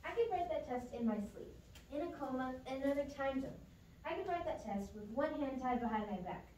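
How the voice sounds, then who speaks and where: A woman's voice: high-pitched, lively intonation, fairly quick, a little mellow, slight background noise. A woman acting a stressed, defiant young female student in a staged drama scene, with a sarcastic way of talking. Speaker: stage actor in a school show. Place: performance space. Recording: roomy echo from a distant mic.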